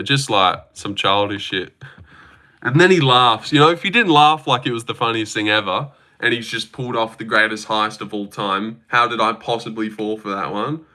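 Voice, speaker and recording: A man's voice: lowish voice, normal speed, bright, forceful tone. A man hosting a casual livestream, rambling and swearing freely while reading out and answering chat messages. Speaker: livestream host reacting to fights.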